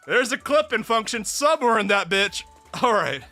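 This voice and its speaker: A man streaming live, reacting to a game, excitable and breathless from laughing hard, swearing often. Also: sits high, normal speed. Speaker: VTuber streamer. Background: faint background music.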